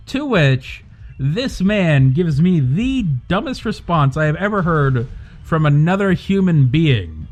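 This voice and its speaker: A young man with a slightly high voice, chatting on a live game stream. He rants in an animated, profane way. Quiet music plays in the background. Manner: animated, swearing, quick rants. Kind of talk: casual live-stream chat.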